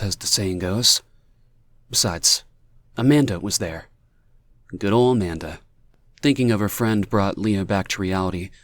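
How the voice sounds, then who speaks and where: Low-voiced male audiobook narrator. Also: dry recording. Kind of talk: scripted narration.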